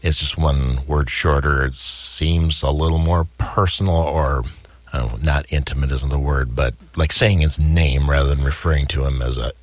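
A man's voice: extremely low pitch, steady tone, normal speed, no echo. A man co-hosting a podcast, chatting casually with folksy wisecracks and short agreements. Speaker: podcast co-host. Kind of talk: casual chat.

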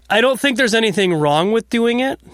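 A man's voice: very high voice, bright, forceful tone, no echo. Man, podcast co-host, casual chat, frequent laughter, dry close sound. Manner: chatty, laughs often, paraphrases playfully.

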